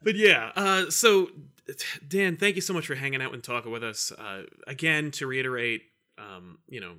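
A man's voice: medium pitch, lively intonation, normal speed, pushed and bright, clean tone. A man hosting a podcast interview, chatty and casual, with lots of filler words. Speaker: podcast host.

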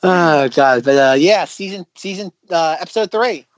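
A man co-hosting a casual podcast, his voice pitched a bit higher than most men's. He rambles excitedly through the scenes he retells, stacking up fillers and restarts. The recording is close and dry. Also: normal speed, dry recording, lo-fi sound. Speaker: podcast co-host. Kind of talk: casual chat about sketch comedy.

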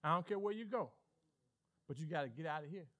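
A male pastor with a Southern US accent, preaching an animated sermon and acting out voices in call-and-response style. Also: fairly high pitch, fast talker. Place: church sanctuary with congregation.

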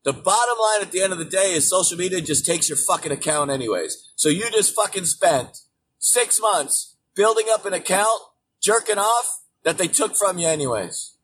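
Male host, high voice, profane political rant, distant mic. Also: animated, moderate pace. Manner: angry, swearing constantly, emphatic, bursts into shouting. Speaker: show host. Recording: distant mic with faint background noise.

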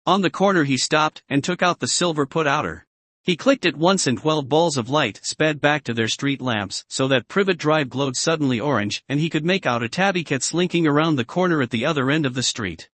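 A man narrating a storybook aloud with steady, expressive reading. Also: on the high side, brisk, no room sound. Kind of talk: audiobook-style story reading.

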